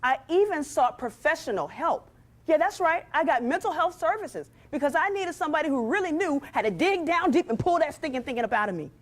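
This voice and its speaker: A woman giving a motivational talk from a stage, speaking straight to the audience with a lively, preacher-like rhythm. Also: high-pitched, a little fast.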